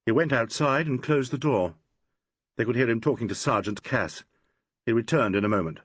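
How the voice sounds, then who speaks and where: A man giving expressive scripted narration of a mystery audiobook. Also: medium pitch, moderate pace, no echo.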